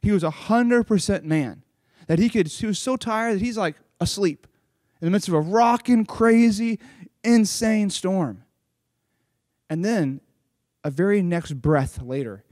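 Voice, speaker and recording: Animated high-voiced man preaching to kids. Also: measured pace, no echo, clean studio sound. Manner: lively, animated storytelling with dramatic voices; casual, uses "like" often. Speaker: children's pastor. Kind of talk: children's sermon with Bible reading.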